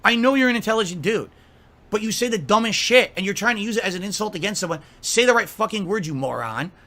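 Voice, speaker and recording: High, bright-voiced man ranting angrily. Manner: profane, scolding, mocking. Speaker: streamer. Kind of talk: angry rant to camera.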